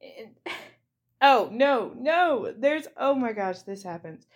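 A woman's voice: a little high, lively intonation, takes it slowly. A young woman hosting a comedy podcast, recapping a movie in a rambling, giggly way with lots of fillers. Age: young adult. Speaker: podcast host.

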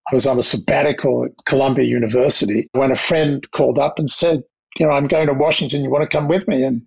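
Gravelly older Australian man, storytelling. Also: mid-range voice, steady tone, lo-fi sound. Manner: anecdotal, measured, with restarts. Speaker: guest, diplomat. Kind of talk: reflective interview storytelling.

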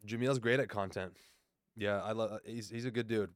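A man's voice: on the low side, fairly even intonation, moderate pace, dry recording, clean studio sound. A man in his thirties telling loose, profane stories as a podcast guest in casual conversation. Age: 30s. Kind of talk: casual chat.

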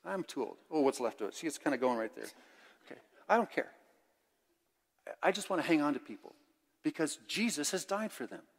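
Older man, pastor, conversational sermon, loud-to-hushed swings, church reverb. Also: on the high side, lively intonation, fairly quick, pauses often. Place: church sanctuary.

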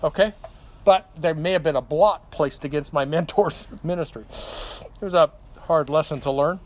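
Older male pastor with a high-pitched voice, conversational Bible teacher with frequent check-ins. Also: normal speed.

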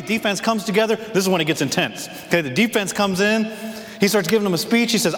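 A man preaching a sermon as pastor, telling a story in an animated way and acting out the lines. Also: sits high, quick pace. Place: church sanctuary. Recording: echoey church hall.

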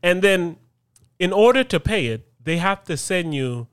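Lively high-voiced man, casual co-host. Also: a little slow, clean tone. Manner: animated, profane storytelling with frequent laughter. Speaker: podcast co-host. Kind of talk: casual chat.

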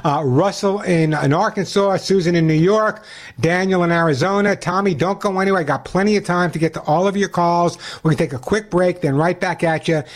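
Chatty high-voiced male radio host. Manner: chatty, quick, explaining with repeated restarts. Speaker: radio pet show host. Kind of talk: call-in radio advice.

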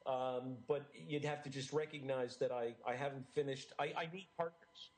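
A middle-aged man from the United States, an author being interviewed, talking in an earnest, animated way with frequent restarts. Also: medium pitch, normal speed, rough recording. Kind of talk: enthusiastic interview talk.

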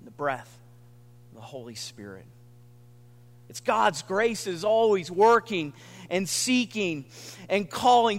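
A man preaching a sermon with earnest, dramatic pauses, sometimes dropping almost to a whisper. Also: high-pitched, big pitch swings, in a large hall. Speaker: pastor.

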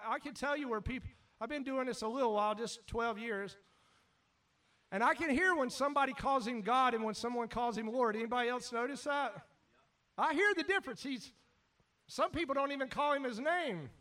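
A man preaching a sermon as pastor, animated, shouting at times and then dropping to quiet asides. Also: very high voice, distant mic.

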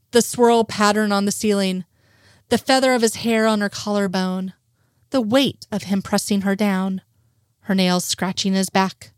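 A woman reading a romantic story aloud in a steady narrating voice. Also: mid-range voice, smooth, dry recording, clean studio sound. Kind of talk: reading fan fiction aloud.

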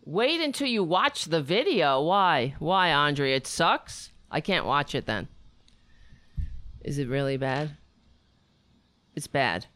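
ぼやき続ける早口でないニューヨーク訛りの女性. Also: female voice, low voice, expressive, slow pace, long pauses, a bit bright, no echo. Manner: self-deprecating, rambling, swears a lot. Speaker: livestream host. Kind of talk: casual livestream chat.

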